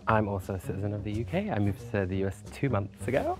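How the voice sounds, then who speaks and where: A man's voice: lowish voice, very animated, quick pace, over music. A man from Manchester chatting bluntly with other contestants about where they are from. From Manchester, England.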